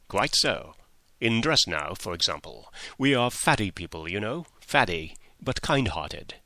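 A man reading the part of a fussy, wheedling middle-aged gentleman, coaxing and insistent, in an audiobook. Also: fairly low pitch, big pitch swings, unhurried, dry recording, heavily acted.

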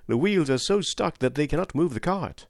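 A man reading an audiobook and voicing an earnest young stable boy who speaks in an excited, pleading way. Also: a little high, normal speed, gravelly, no room sound, studio quality, pitched above the performer's own voice.

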